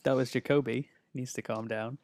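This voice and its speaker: A man on a podcast in casual banter, speaking hesitantly with many pauses and chuckles. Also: mid-range voice, steady tone, darkish tone. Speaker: podcast co-host. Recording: clear background hiss.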